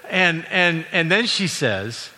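A middle-aged man from Canada preaching a sermon in a relaxed, conversational way, with frequent fillers and self-corrections. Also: on the high side, slow pace. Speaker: university president and former minister. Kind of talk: sermon with personal anecdotes. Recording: long reverb from a large hall.

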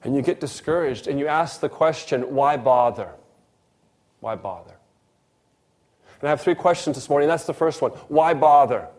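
A man's voice: fairly high pitch, a little fast, few pauses. A man preaching a sermon, telling a story and acting out the dialogue. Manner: animated storyteller, acts out dialogue.

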